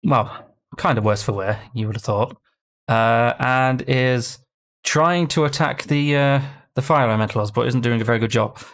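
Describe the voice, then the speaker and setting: A man running a tabletop game as game master, narrating haltingly and correcting himself often. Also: mid-range voice, a bit bright.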